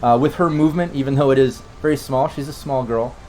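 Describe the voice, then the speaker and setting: A man narrates a tabletop game as its game master, circling back with fillers and restarts. His pitch is middling and even. A faint hiss runs under his voice. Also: fast talker. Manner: loose, rambling narration with many fillers.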